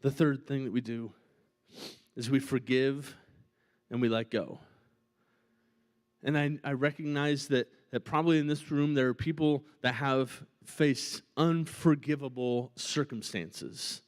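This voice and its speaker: A man preaching as a pastor, in a conversational and animated style, often checking in with "right?". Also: medium pitch, unhurried. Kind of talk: sermon. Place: church auditorium.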